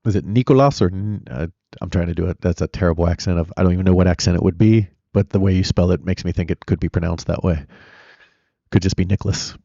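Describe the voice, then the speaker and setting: A man's voice: deep voice, little pitch movement, fast talker, creaky, warm tone, no echo, highs cut off. A man hosting a live trading stream, chatty and blunt, rambling between chart talk and answers to viewers. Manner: blunt and opinionated. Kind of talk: casual live-stream commentary.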